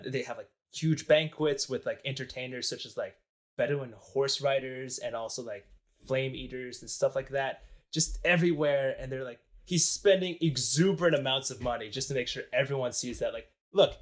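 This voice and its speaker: A man's voice: medium pitch, moderate pace. A young man casually telling history on a podcast, joking and rambling with many fillers. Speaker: podcast co-host.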